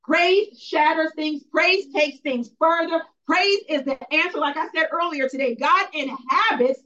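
A woman's voice: sits high, measured pace, sharp tone, a little hiss or hum. A woman giving a spirited church testimony, emphatic and repetitive in a preacherly way, heard from a distance. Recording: distant, dull lo-fi sound.

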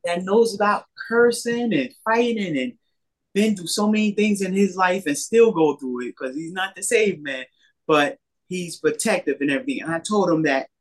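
A man gives a casual spoken testimony about his faith, his voice husky, slightly rough and high. Animated and at normal speed, he rambles, repeats himself, and acts out many of the things people said to him.

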